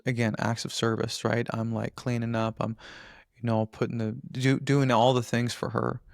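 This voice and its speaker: A man's voice: mid-range voice, little pitch movement, normal speed, gravelly, no room sound, clean studio sound. A man as a podcast guest, talking earnestly in a casual interview and often restarting his phrases.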